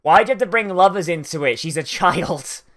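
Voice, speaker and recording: Speaking at normal speed with an animated, fairly bright mid-range voice, an anime reaction host offers casual commentary while watching along. The talk wanders, full of "like" fillers and bursts of laughter.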